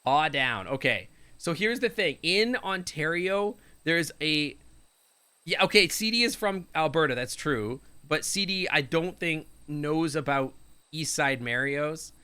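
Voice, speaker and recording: Canadian guy streaming a game; bright voice, rambling jokey banter with chat. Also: a little high, animated, measured pace, clean tone. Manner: rambling, jokey, chatting with viewers. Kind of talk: live game stream commentary.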